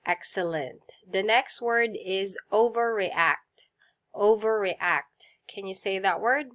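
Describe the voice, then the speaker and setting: A woman teaching a vocabulary lesson, saying each word clearly, asking listeners to repeat it and praising them. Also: mid-range voice, a bit bright. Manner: slow, clear drills with repeat prompts and praise.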